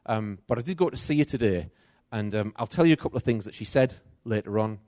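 A middle-aged man preaches a sermon and tells a personal story, swinging between loud and soft. His pitch rises and falls with lively movement. The recording sounds dry and close. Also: fast, no room sound.

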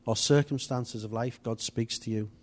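A man's voice: medium pitch, steady tone, moderate pace, a little mellow. A man giving an informal, chatty church teaching, rambling a little with restarts and asides. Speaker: church leader.

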